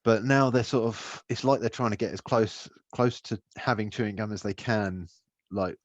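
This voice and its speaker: A man's voice: lowish voice, steady tone, normal speed, no echo. Laid-back sweary man, dull mic. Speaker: podcast co-host. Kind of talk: casual chat.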